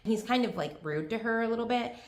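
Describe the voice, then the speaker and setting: A woman's voice: fairly high pitch, animated, fast talker. A young woman chatting casually about books she read, gushing and peppering her talk with fillers. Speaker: book vlogger. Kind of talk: casual book review chat. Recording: echoey room.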